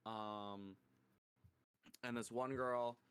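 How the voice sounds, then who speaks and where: Slow, smooth-voiced young man telling stories. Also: mid-range voice, fairly even intonation, a bit bright. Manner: loose storytelling with swearing, laughing at his own stories. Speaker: podcast co-host. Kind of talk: casual chat.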